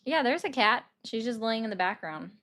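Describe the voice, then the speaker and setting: A woman's voice: fairly high pitch, animated, normal speed, a bit bright. A young woman, hosting a casual live stream, chatting with viewers and taking calls. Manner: chatty, reacts to viewer comments. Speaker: livestream political commentary host.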